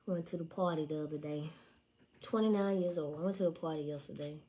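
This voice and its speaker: A woman in her twenties telling stories on a casual livestream, blunt and profane. She swings between hushed asides and loud, animated outbursts. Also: sits low, a little fast. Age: 20s. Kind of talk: casual storytelling to a live audience.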